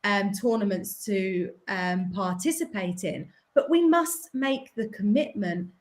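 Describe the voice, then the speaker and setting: A woman with a British accent, a pool player guest on a podcast, arguing her point in an animated, persuasive way with quick bursts. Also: medium pitch. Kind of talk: casual podcast chat.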